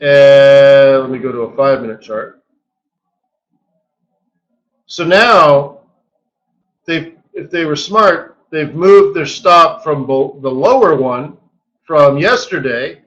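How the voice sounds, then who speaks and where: A man hosting a live trading webinar, walking through charts in an animated, joking way with lots of rhetorical questions. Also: on the high side, slow pace, pauses often, highs cut off. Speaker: forex market strategist hosting a daily webinar.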